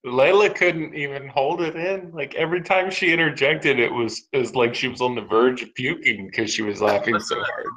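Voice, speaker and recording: A man's voice: medium pitch, moderate pace, few pauses, sharp tone, rough recording. Amused man chatting with friends. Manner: laughing, amused. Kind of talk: casual group chat.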